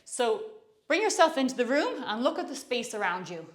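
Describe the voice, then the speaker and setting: A woman's voice: fairly high pitch, big pitch swings, moderate pace. A young woman leading a guided movement tutorial, talking breezily and encouragingly while she moves, a little out of breath. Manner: encouraging, breezy, with soft laughs. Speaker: movement instructor.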